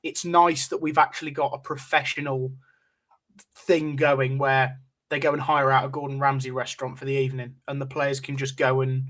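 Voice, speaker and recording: A man on a football fan podcast panel, enthusiastic and pausing on "um" as he talks. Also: medium pitch, little pitch movement, a bit bright. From England. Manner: enthusiastic, hesitant with "um". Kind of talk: casual fan podcast chat.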